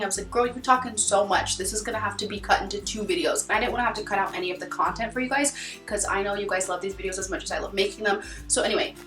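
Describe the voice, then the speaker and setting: A woman's voice: medium pitch, a bit bright. A young American woman chatting casually to her camera in a bubbly, rambling way full of "like". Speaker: vlogger. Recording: echoey room heard from a distance.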